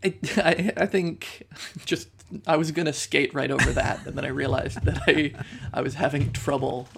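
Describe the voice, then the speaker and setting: Male podcast co-host, gravelly, slightly high, thoughtful, stammers. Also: fairly even intonation, normal speed, noisy background. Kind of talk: casual chat.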